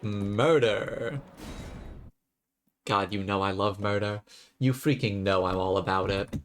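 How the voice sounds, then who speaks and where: A man's voice: sits low, steady tone, normal speed, fairly bright tone. Chatty, jokey male game streamer. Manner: chatty and jokey, sarcastic asides. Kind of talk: live gameplay commentary.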